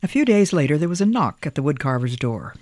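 A storyteller reading a picture book aloud in a gentle, expressive way. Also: medium pitch, fast talker, dry recording.

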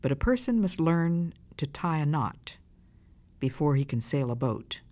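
A storyteller voicing a patient, firm old sailor in a read-aloud children's tale. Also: medium pitch. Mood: measured. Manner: calm, measured.

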